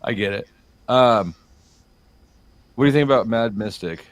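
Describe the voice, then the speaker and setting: A man's voice: fairly low pitch, moderate pace, dry recording. A man hosting a casual chat, joking along and stammering as he starts his sentences.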